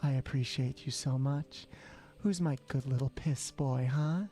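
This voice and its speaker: A streamer doing a close, low whispered role-play voice that dotes on chat. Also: a little slow, soft background music, lightly acted. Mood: doting. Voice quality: low, close-to-mic soft voice.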